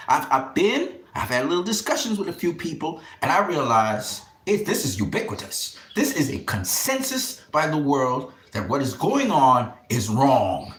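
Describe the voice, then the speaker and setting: A man's voice: mid-range voice, fairly bright tone, roomy sound. A man hosting a boxing channel, delivering a fervent, emphatic monologue with repeated vows and drops into harsh whispers. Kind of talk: impassioned monologue to camera.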